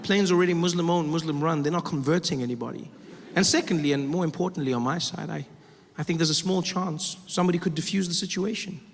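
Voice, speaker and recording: A man's voice: a little high, fast talker. A male stand-up comedian telling a story in a conversational, self-deprecating way, often stopping to restart a sentence. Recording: reverberant live hall with audience noise.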